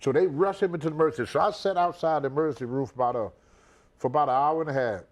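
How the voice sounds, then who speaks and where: Talking very fast in a voice a little on the high side, an older American man, a retired wrestler, recounts a story in a shoot interview. He tells it animatedly, repeating words and acting out the people involved.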